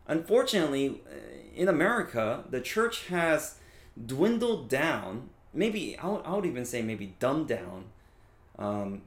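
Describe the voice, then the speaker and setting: A man in his thirties delivers a sermon in an easy, conversational manner, checking in with his listeners as he goes. His voice sits at an average pitch. The room around him sounds noticeably echoey. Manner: conversational, frequent "right?" and fillers. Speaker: pastor.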